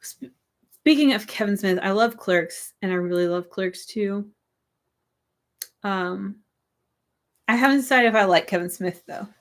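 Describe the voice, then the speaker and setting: Young woman host, chatty and relaxed, slight hoarseness, answers her viewers' comments. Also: mid-range voice, unhurried, long pauses. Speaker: livestream host. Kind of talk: casual livestream chat. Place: her room with string lights.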